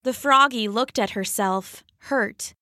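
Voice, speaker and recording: A woman narrating a children's story on a podcast in an animated, expressive way. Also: a little high, slow, no echo, studio quality.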